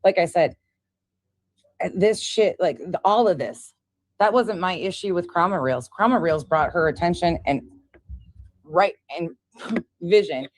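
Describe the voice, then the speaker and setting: Female streamer, low voice, angry and foul-mouthed, dry sound. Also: lively intonation, measured pace, pauses often, dry recording. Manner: angry, profane ranting. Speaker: online drama commentator. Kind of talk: heated livestream commentary.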